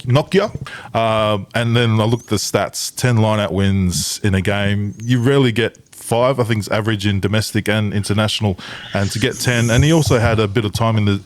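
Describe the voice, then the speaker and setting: A man's voice: lowish voice, dry recording. A man hosting a casual rugby chat, laid-back and saying "mate" constantly. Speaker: podcast host.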